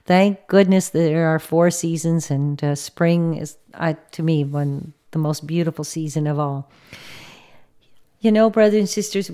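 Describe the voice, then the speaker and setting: A middle-aged woman giving a faith reflection talk to her brothers and sisters in an earnest, gently encouraging way. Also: fairly low pitch, smooth.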